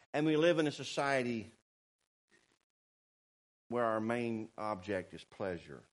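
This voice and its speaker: A man preaching a sermon, fervent and swinging between shouted warnings and quiet asides. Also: medium pitch. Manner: fervent, rising to shouts, then quiet and sarcastic.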